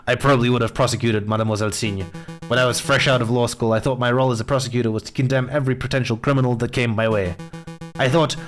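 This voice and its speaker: A man voicing a principled male rooster prosecutor in a game, speaking in a measured, earnest way. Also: mid-range voice, lightly acted.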